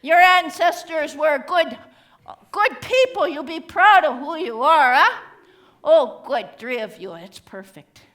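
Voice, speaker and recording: A woman's voice: high voice, sing-song, takes it slowly, fairly bright tone, exaggerated voice. A woman playing a cheeky old Cree auntie. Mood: coaxing, then instructing. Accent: Cree-inflected English. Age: older. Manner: teasing, chatty, drops grammar endings. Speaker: stage storyteller. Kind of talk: live comedic character monologue.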